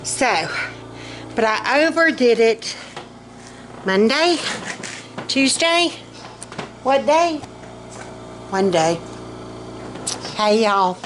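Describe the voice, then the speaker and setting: A woman's voice: a little high, animated, drawn-out words, pauses often, a little hiss or hum, rough recording. A middle-aged woman, vlogging casually about her health, rambling and self-mocking, and short of breath.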